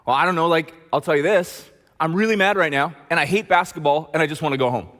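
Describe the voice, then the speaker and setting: A man voicing a hot-headed young basketball player who rants loudly and defensively, his pitch pushed up high. The voice rings with the long reverb of a big hall. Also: quick pace, natural voice. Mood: frustrated. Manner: loud, agitated ranting.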